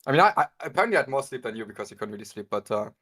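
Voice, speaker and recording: A man's voice: medium pitch, big pitch swings, very fast, a bit bright, breathy edge. A man co-hosting a casual card-game stream, talking with many ums and repeated words. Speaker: co-host guest. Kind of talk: casual livestream chat.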